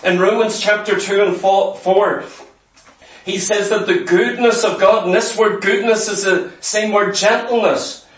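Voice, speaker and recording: A man preaching a sermon earnestly, sometimes dropping to a hushed, tender voice. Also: high voice, fairly even intonation, a little slow, echoey room, recorded from a distance, rough recording.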